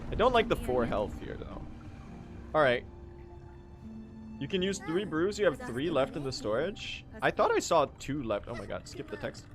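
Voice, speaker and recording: A man's voice: a little high, sing-song, moderate pace, over music. A young man streaming a speedrun, chatting casually and joking as he answers his chat.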